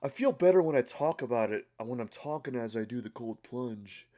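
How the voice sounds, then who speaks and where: A man's voice: mid-range voice, lively intonation, fairly quick, mellow, natural voice. A man doing a laid-back ice-bath bragger. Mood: casual.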